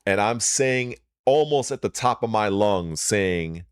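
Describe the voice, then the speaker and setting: A man in an exasperated gaming rant, cursing freely and jumping from loud outbursts to low grumbles. His pitch swings widely while his delivery stays unhurried. The sound is dry and close. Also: animated, clean tone, dry recording. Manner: profane, exasperated, swings between shouting emphasis and muttering. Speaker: channel host.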